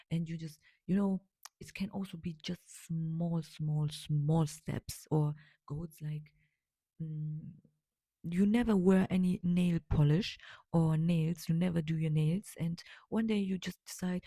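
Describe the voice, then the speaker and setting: A woman's voice: on the low side, measured pace, mellow, dry recording. A woman hosting a solo podcast, speaking as an in a rambling, emphatic way with many fillers and repeated words. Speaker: podcast host. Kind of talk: casual solo podcast monologue.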